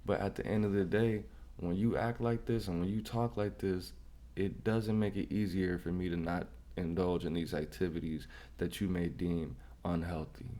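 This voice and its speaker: Deep-voiced man preaching advice. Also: steady tone, normal speed, dark tone. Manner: preachy, repetitive, emphatic. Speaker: reaction channel host. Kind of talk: casual commentary advice.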